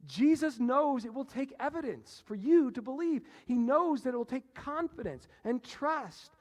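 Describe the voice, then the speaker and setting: High-voiced preaching man in a reverberant hall. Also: normal speed. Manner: animated, swings between loud emphasis and hushed low passages. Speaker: pastor. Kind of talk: sermon. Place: church sanctuary. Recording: long reverb of a church hall.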